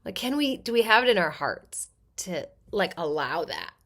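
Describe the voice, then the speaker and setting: A middle-aged woman talks in a casual interview with a lively, swinging pitch. She speaks expressively and acts out the people in her stories. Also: normal speed. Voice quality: character-actor voice. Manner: animated, acts out quoted voices in her stories. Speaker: podcast guest, actor and therapist.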